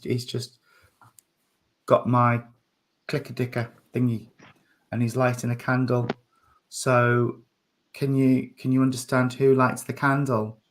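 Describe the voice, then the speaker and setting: A soft-spoken man gives a spiritualist reading at a church service. He speaks hesitantly, full of fillers and small apologies, and his voice turns emotional as he talks. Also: mid-range voice. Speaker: medium.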